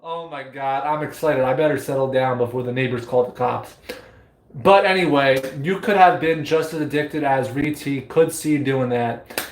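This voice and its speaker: A man's voice: mid-range voice, normal speed. A man chatting on a spiritual live stream, playful and giddy, breaking into whoops and laughter. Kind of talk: casual live stream chat. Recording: echoey room.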